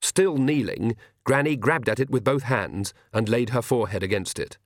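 A man's voice: mid-range voice, normal speed, no room sound. Man reading a story, dry close sound. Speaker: narrator. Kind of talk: scripted audiobook narration.

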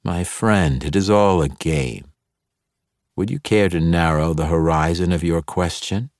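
A sly, teasing dark elf mercenary chief, as a man reading a fantasy audiobook plays him. The voice is extremely deep and unhurried, smooth and amused, recorded close and dry. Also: dry recording.

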